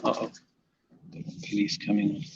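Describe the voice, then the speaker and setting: A man's voice: unhurried, muffled recording, slight background noise. A man hosting a casual livestream, reading viewer comments aloud and teasing them, laughing often.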